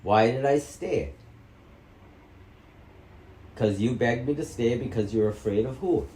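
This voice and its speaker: Unhurried but angry, a middle-aged man from Wisconsin interrogates his mother, repeating questions and cursing heavily. His voice is medium-pitched with a dark tone. This vlog of a heated family argument was recorded in an echoey room.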